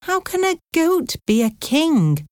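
A curious young man asks question after question in an eager voice, as a woman reader puts him on. The voice rises high and moves a lot, and the recording is dry and close. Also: expressive, a little slow, a little mellow, no room sound.

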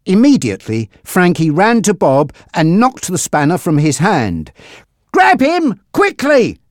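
A narrator reading a crime story aloud in a deliberate, expressive way. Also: medium pitch, dry recording, clean studio sound. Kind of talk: slow dramatic storybook reading.

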